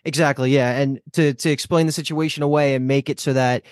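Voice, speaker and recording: A man's voice: medium pitch, steady tone, fairly quick, dry recording, clean studio sound. A man hosting a casual podcast discussion, chatty and rambling, swearing now and then. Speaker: podcast host.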